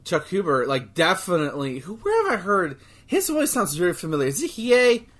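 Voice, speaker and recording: A man co-hosting a podcast in casual chat, excitable, swearing freely and restarting his sentences often. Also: sits high, a little fast. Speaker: podcast co-host.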